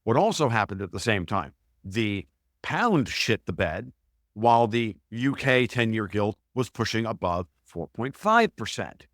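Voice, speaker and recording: A man talking as a guest analyst in a podcast interview, emphatic and profane, piling up quick digressions and restarts. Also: lowish voice, very animated, fairly bright tone, dry recording, studio quality.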